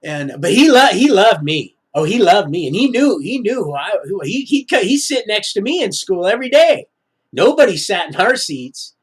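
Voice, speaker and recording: High-voiced man rambling on a live stream. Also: big pitch swings, breathy edge. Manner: halting, full of restarts and trailing asides; preachy, sprinkles in religious talk. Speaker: livestreamer telling his life story.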